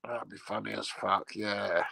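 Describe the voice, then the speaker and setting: Slow, gravelly man rambling to camera. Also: lowish voice, flat delivery, pushed and bright, dry recording, low-quality recording. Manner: rambling, sweary, jokey. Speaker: streamer host. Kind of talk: casual rambling monologue.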